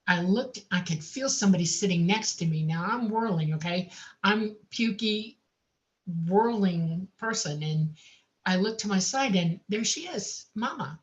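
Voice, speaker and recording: A woman recounting a personal experience in a casual, animated way, laughing often and saying "I mean" a lot. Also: medium pitch, a little slow, dull audio. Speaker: guest recounting an abduction experience.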